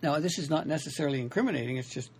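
Gravelly man rambling to camera. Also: on the high side, racing. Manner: meandering, self-correcting, many restarts and fillers. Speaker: independent writer and vlogger. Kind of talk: rambling solo talk to camera.

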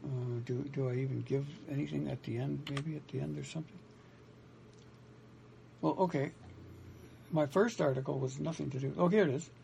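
An independent writer and vlogger rambles alone to camera in a mellow, medium-pitched voice with vocal fry, fairly even intonation, and a moderate pace broken by long pauses. He meanders, corrects himself often, and restarts sentences with many fillers, over a little hiss or hum.

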